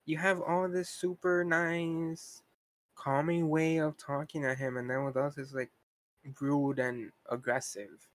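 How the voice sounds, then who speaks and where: A man's voice: a little high, flat delivery, a little slow, no room sound. A young man co-hosting a podcast, talking in a casual, frustrated rant full of "like" and asides. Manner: frustrated ranting, heavy use of "like". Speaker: podcast co-host. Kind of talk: casual chat.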